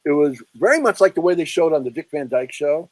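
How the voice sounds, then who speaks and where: A man's voice: fast, no echo, poor audio. A man, an author and film historian, telling anecdotes as an interview guest, quoting people as he goes. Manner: chatty, animated storyteller who quotes people in lowered voices.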